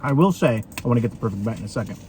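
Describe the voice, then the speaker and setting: A man talks his way through a casual food review, rambling and chatty with plenty of ums and uhs. His voice sits at an ordinary middle pitch. Faint vehicle noise hums behind him. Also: animated, very fast, a little mellow. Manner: chatty, rambling, with many fillers.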